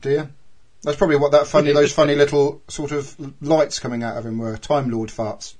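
A man's voice: a little high, flat delivery, brisk, a little mellow. Chatty man hosting a casual podcast. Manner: chatty and giggly, trails off with ums. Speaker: podcast host. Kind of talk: casual chat reading episode notes.

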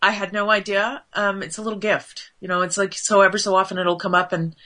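A woman guest in a casual interview, chatty and animated, with lots of fillers and quick asides. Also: mid-range voice, poor audio.

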